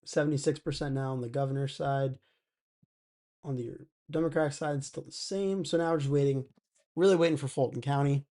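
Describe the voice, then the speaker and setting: A young man hosts a casual live stream and talks easily at an ordinary middle pitch. His tone is mellow and warm, and he thinks out loud while reading viewers' comments between updates. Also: brisk. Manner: chatty, thinks aloud, reads chat comments. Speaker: election night live stream host.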